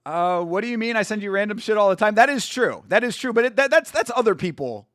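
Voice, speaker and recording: High-voiced excitable streaming guy. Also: quick pace, no echo, clean studio sound. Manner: excitable, slangy, swears, laughs often. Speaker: stream host. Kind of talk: casual live watch-along commentary.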